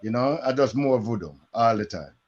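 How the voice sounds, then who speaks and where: A man's voice: medium pitch, lively intonation, normal speed, dull audio, a crowd in the background. A man speaking as a panel guest in an emphatic, rallying way.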